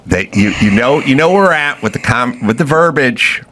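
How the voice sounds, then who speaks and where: A man's voice: medium pitch, animated, moderate pace, sharp tone, a little hiss or hum. A man hosting a podcast, ranting in blunt, profane and sarcastic commentary. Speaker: podcast host.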